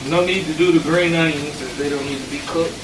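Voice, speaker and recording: A man cooking in a home kitchen, calmly giving step-by-step instructions to his viewers. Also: on the high side, brisk. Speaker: home cook. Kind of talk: cooking demonstration. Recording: echoey room from a distance, noise.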